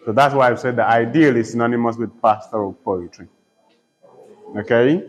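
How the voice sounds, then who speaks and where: A man's voice: mid-range voice, moderate pace, poor audio. A man teaching a poetry lesson, repeating each term several times and spelling words out letter by letter. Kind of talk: slow poetry lesson with dictation.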